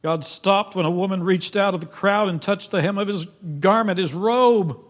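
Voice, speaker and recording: A man preaching a sermon in a church, emphatic, swinging from loud pleading to hushed, quiet tones. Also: sits high, normal speed. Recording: long reverb of a large hall.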